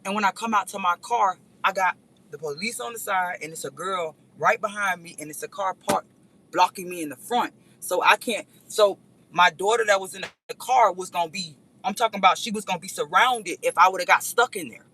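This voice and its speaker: A woman's voice: medium pitch, a little fast, low-quality recording. A woman vlogger telling a rambling story in a casual chat, speaking straight to her viewers. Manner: animated, rambling, addresses viewers directly.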